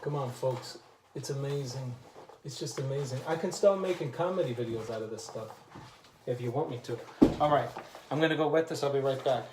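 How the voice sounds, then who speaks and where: A man's voice: mid-range voice, brisk. Chatty man demonstrating wallpaper work. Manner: chatty, joking asides to viewers; talks while working, drifts from the mic. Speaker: wallpaper installer. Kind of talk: hands-on how-to demonstration. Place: indoor room being wallpapered. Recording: echoey room with background noise.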